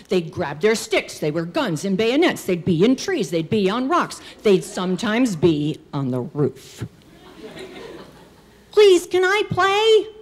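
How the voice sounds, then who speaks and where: A middle-aged woman performing a personal story on stage, acting out characters' shouts. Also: medium pitch. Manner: animated, acts out characters' shouts. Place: stage at a live storytelling show.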